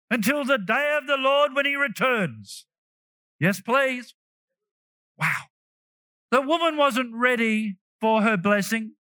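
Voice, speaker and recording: A man with a high, bright, cutting voice preaches a lively sermon, shouting out his points and tossing in playful asides. The sound is close and dry, with no room around it. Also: no room sound. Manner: animated and emphatic, with bursts of shouting and joking asides. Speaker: pastor.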